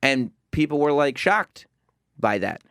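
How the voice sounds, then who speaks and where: A man's voice: fairly high pitch, big pitch swings, measured pace, a bit bright, clear, resonant tone, no room sound. Male radio interviewer, chatty, long-winded questions, dry studio sound. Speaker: radio host. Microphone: studio microphone.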